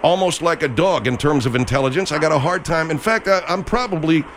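A man's voice: a little high, fairly quick, noisy background. A man hosting a comedic radio talk show in a studio, dry and mock-apologetic.

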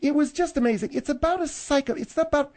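Older woman, radio co-host, mellow tone, slightly high, bossy, teasing banter. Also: quick pace.

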